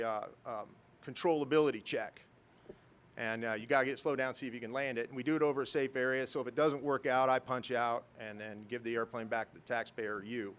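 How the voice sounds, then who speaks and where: A man's voice: mid-range voice, a bit bright. A middle-aged man, a military pilot, giving a storytelling speech at a ceremony with self-deprecating humor and chuckles. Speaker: guest speaker, military pilot.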